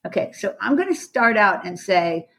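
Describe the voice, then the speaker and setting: A woman who teaches karate, hosting a casual group conversation on a podcast, enthusiastic and quick to laugh. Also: mid-range voice, very animated, bright, forceful tone. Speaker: karate instructor and podcast host.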